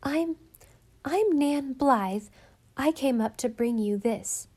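A woman's voice: high-pitched, animated, slow, a little mellow, slightly rough, voice pushed up, exaggerated voice. A woman voicing a shy, dreamy young girl who answers hesitantly and politely.

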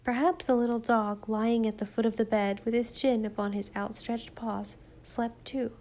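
A woman narrating a children's story in a gentle, even storytelling voice. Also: fairly high pitch, normal speed. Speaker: audiobook narrator.

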